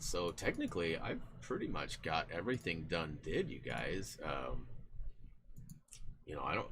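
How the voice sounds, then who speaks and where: A man streaming live, chatting casually with viewers in a rambling, animated way with lots of restarts. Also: fairly low pitch.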